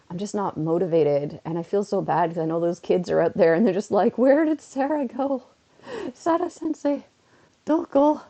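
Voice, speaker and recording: Chatty young woman with a gravelly voice. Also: on the low side, warm tone. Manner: chatty and rambling, playing a phone game. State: a bit under the weather. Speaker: streamer. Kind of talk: casual livestream chat. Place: indoors at home. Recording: dull lo-fi mic.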